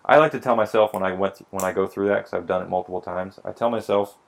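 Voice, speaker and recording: A man's voice: sits low, steady tone, quick pace, creaky, hardly any pauses. A man on a casual podcast, telling wry, profane stories about the hiring process and a little tipsy. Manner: profane, wry storytelling with mock dialogue. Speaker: podcast co-host explaining police hiring. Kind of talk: casual drinking-podcast chat.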